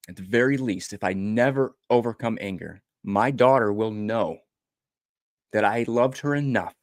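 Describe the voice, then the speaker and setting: A man's voice: fairly low pitch, normal speed, dry recording, studio quality. A middle-aged man, a motivational speaker, telling a personal story earnestly and emotionally, often repeating his phrases.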